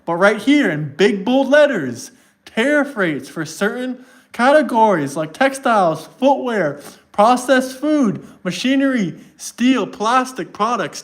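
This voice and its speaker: Guy with a high voice ranting at his stream chat, mocking and combative, reads stuff out loud slow to make a point. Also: sing-song. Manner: combative and mocking, reads text aloud to argue. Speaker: livestreamer answering chat. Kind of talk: live stream chat rant.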